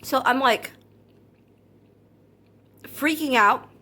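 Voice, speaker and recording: A woman content creator talking straight to her viewers in a personal monologue, earnest and hurt, calm but anxious, often repeating herself. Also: high voice. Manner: calm and measured, not loud.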